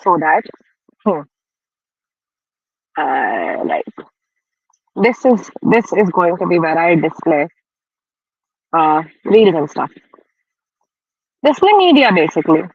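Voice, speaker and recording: Man, casual livestream host, frank and chatty, high voice, dead-dry close sound. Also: big pitch swings, takes it slowly, long pauses, breathy edge, dry recording, muffled recording. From India. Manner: chatty, frank, self-deprecating, snacking while talking. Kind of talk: casual live-stream commentary.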